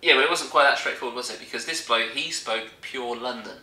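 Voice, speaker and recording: A man's voice: mid-range voice, brisk, sharp tone, echoey room, poor audio. A young man, telling a rambling, jokey story as a vlogger in casual chat.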